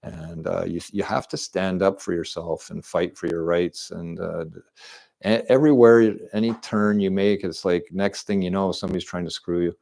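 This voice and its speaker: A man's voice: sits low, fairly even intonation, normal speed, gravelly, darkish tone. A middle-aged man, talking at home into a desk microphone in a rambling, repetitive stream monologue full of restarts. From Canada. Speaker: live streamer. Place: at home indoors.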